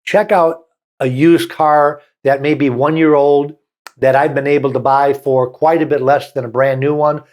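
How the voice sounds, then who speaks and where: A man's voice: medium pitch, darkish tone. A man with a Southern US accent hosting a car show, reading short passages aloud and then riffing on them in a folksy, opinionated way. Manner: folksy, reads a passage then riffs with asides. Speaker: car dealer show host. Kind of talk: opinionated talk-show commentary.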